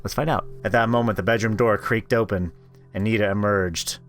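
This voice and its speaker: A man's voice: lowish voice, fairly quick, a bit bright, faint music behind. A man playing a story game, reading its text aloud and making joking asides. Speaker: gaming streamer. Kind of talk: casual let's-play reading and commentary.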